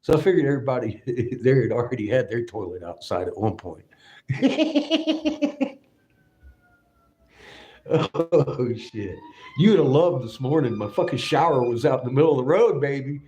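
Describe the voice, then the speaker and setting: A man's voice: medium pitch, very animated, normal speed, long pauses, dark tone. A man chatting casually on a livestream from his glassblowing workshop. He laughs often, swears freely and rambles through stories.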